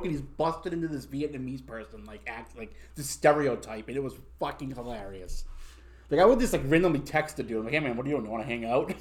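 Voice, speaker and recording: Fast and animated, this young man's medium-pitched voice drives a rambling podcast conversation full of profanity and false starts as he hosts the show.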